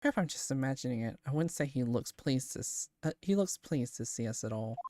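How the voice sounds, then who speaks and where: A woman's voice: a bass voice, animated, brisk, background noise. A woman streamer voicing a nervous, apologetic young male Japanese defense lawyer who hesitates and stumbles. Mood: flustered.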